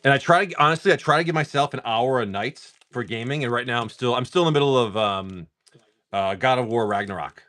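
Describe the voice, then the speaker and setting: A man hosting a live stream, rambling casually, swearing freely, and reading off card names in quick lists. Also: medium pitch, fairly bright tone. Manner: rambling, swears freely, laughs often at chat. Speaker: live-stream host opening card packs.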